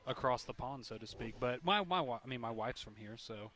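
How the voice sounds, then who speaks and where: A man hosting a radio talk show, relaxed and agreeable. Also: mid-range voice, a little fast, slight background noise. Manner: relaxed, agreeable, reads promos. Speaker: radio host. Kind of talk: casual sports radio chat.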